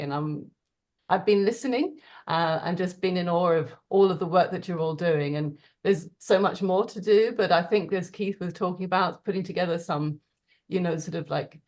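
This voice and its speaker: A woman with a slightly low voice speaks over a video call. She is warm and earnest and often pauses to search for words. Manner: warm, earnest, hesitant with fillers. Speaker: participant. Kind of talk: heartfelt spoken thanks on a video call.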